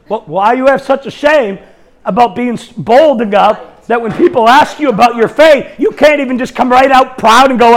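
A man's voice: very high voice, brisk. A middle-aged man preaching a charismatic sermon as an evangelist, bold and humorous, telling stories with laughing asides and acting out the dialogue.

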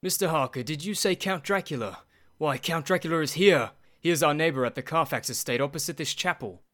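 An actor playing an earnest young doctor in radio drama style. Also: male voice, a little high, fairly quick, a bit bright, natural voice.

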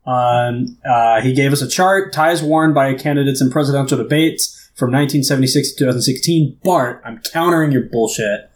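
A man's voice: medium pitch, moderate pace, few pauses. A man co-hosting a podcast in casual, joking chat and plugging the show. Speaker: podcast co-host.

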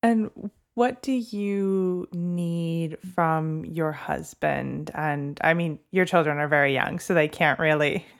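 A woman interviewing a guest, asking hesitant, halting questions. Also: low voice, vocal fry.

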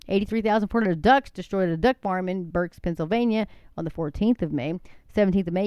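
A woman's voice: medium pitch, clear, resonant tone, no room sound, highs cut off. A woman casually reading through a long list of incidents, often wandering off the list and calling her listeners "folks.". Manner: chatty, digressive, addresses listeners as folks. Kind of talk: casual monologue.

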